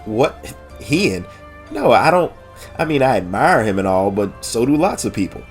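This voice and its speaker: A man with a nasal voice voicing a lively young woman who talks in a flustered, stammering, casual way, pushing his pitch well up. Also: moderate pace, soft background music, natural voice.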